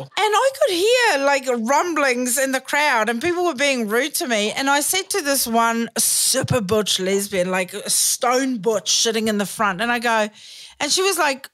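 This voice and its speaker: A woman's voice: fairly high pitch, a bit bright. Brash, joking woman in her forties. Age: 40s. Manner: brash, storytelling, quick to joke and swear. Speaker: podcast host. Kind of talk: casual chat.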